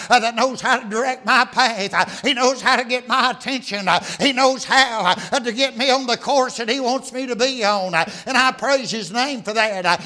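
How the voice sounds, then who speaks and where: An older man preaching a sermon, full of "uh" and "I tell you what", swelling to loud drawn-out peaks and dropping low. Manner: builds to loud, drawn-out peaks, then drops low and quiet.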